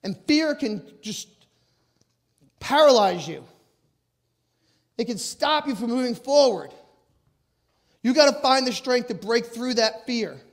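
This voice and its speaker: A middle-aged man giving a motivational talk to an audience, loud and emphatic as he tells personal stories. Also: extremely high pitch, expressive, takes it slowly, pauses often. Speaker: motivational speaker.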